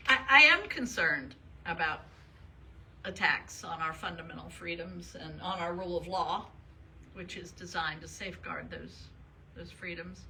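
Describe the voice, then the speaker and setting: A woman's voice: lowish voice, measured pace, sharp tone, slight background noise, poor audio. An older woman from the northern United States, giving a chatty, self-deprecating talk and answering audience questions with frequent laughs. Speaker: retired state supreme court justice, guest speaker.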